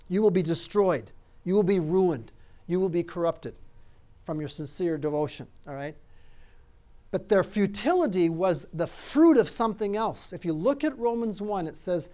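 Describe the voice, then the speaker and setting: A man's voice: high-pitched, lively intonation, normal speed, a little mellow. A pastor preaching a conversational sermon, emphatic and repeating phrases as he asks his listeners "all right?".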